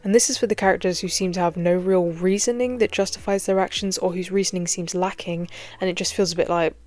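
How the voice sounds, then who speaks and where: Playful British woman, lowish voice. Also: steady tone, fast, darkish tone, soft background music. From Britain. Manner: playful, self-mocking, jokey asides. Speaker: horror commentary YouTuber. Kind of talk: scripted casual commentary.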